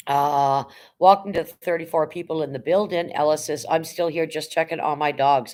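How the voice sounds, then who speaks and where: A woman's voice: deep voice, steady tone, moderate pace, a little mellow. A middle-aged woman hosting a casual livestream, rambling about her past jobs and greeting viewers by name, blunt and now and then swearing. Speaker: livestream host.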